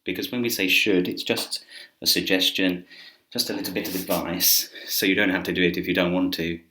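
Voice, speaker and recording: A man teaching an English grammar lesson in a relaxed, chatty way with filler words, speaking to camera indoors. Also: deep voice, brisk, slight background noise. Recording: roomy echo.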